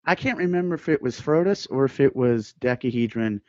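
A man, a musician chatting casually on a podcast and telling rambling stories with quick laughs. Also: medium pitch, animated, darkish tone, dry recording. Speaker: guest musician. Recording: dry, dull lo-fi sound, mic too close to mouth.

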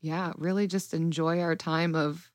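Podcast host, woman, upbeat and chatty, slightly low voice, dry video-call sound. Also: fairly even intonation, measured pace, no room sound. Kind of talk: casual interview chat. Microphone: remote video call.

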